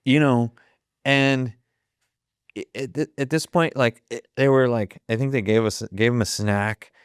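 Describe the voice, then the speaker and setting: A man's voice: mid-range voice, steady tone, unhurried, clean tone, dry recording, clean studio sound. A man in his fifties from Ohio, a guest telling a story with lots of profanity and acted-out quotes. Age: 50s. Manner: profane, vivid retelling that acts out the quoted dialogue. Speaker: guest, photographer. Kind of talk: casual storytelling.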